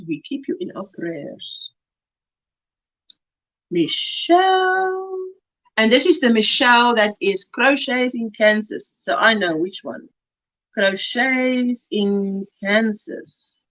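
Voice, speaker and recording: A woman's voice: mid-range voice, muffled recording. A middle-aged woman with a South African accent hosting a casual crochet livestream, reading out viewer comments and greeting them as sweetheart. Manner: warm-hearted, chatty, greets viewers as sweetheart.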